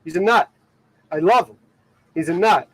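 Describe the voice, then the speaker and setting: Speaking at a normal speed, this boat vlogger from Ohio, USA, has a high, breathy voice as he chats loosely with his stream's audience. Expect frequent laughter, heavy use of "like" and fillers, and poor audio quality.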